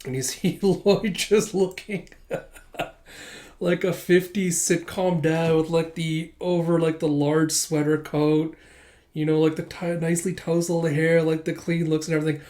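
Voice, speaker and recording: A man's voice: on the high side, level tone, a little slow, darkish tone. A man recapping a comic chapter in casual, chatty talk, with lots of fillers and laughs. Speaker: comic chapter reader and commentator.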